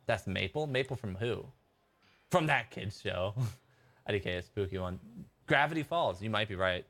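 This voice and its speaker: A man streams a game and chats casually, rambling, laughing, and reading chat messages aloud as he plays. His voice is fairly low and fairly bright, with lively intonation and a moderate pace.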